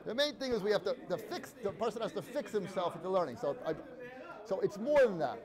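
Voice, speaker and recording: A man teaches a relaxed Torah class. He tells his stories in a chatty way and acts out the characters' quoted lines. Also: high-pitched, fairly quick, a crowd in the background. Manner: conversational, storytelling with Hebrew and Yiddish-inflected terms, acts out quotes.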